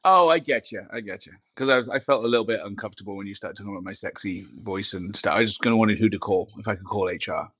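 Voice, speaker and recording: A man's voice: lowish voice, rapid-fire, few pauses, a bit bright, slightly rough, dry recording. A man in a casual interview chat, joking and poking fun at himself as he rambles along with plenty of fillers. His voice comes through a small headset mic built into his glasses, so it sounds a little dull and lo-fi. The recording is dry, with almost no room sound around him. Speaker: company CEO guest. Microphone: glasses-frame headset mic.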